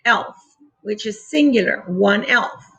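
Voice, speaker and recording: Speaking at a medium pitch with an expressive, fairly bright tone and a breathy edge, a woman teaches young children phonics. She pauses deliberately while sounding out words one letter at a time, patiently going over each rule again.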